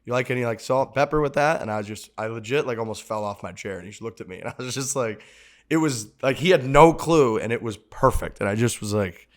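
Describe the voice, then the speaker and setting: A man's voice: fairly low pitch, brisk. A man co-hosting a podcast, telling stories in loose, profane banter. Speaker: podcast co-host.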